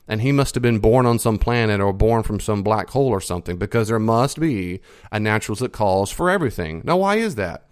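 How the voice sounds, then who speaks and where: Man with a low, dry voice, lecturing emphatically. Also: clear, resonant tone, no room sound. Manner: emphatic, repeats key phrases, stretches stressed words slowly; lively swings in pitch for emphasis. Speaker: podcast host. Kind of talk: explanatory podcast lecture.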